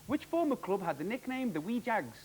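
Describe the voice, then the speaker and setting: A man hosting a TV quiz, with a high, very lively voice that jumps around a lot. He reads the questions briskly and throws in quick jokes. A faint hiss sits under the old broadcast recording. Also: rough recording. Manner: jokey, upbeat, quick quizmaster delivery. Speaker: quiz show host.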